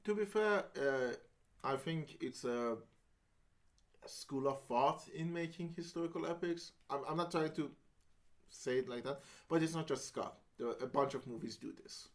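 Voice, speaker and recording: A man chatting casually on a film podcast. His voice sits a little high. He is blunt, swears freely and laughs often. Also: moderate pace. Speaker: podcast co-host. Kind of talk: casual film-review chat.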